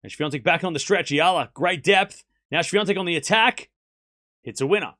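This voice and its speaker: A man streaming live tennis commentary, calling the points with excitement and chatting and teasing his viewers in between. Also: a little high, moderate pace, no echo, studio quality. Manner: excited call-outs of play, then chatty asides to chat; teasing, mock-comforting viewers.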